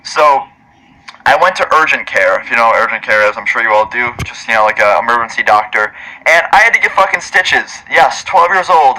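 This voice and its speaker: A man's voice: mid-range voice, sharp tone, rough recording. A young man telling a story to his viewers in a casual, profane, rambling way, full of fillers and asides. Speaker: storytime vlogger.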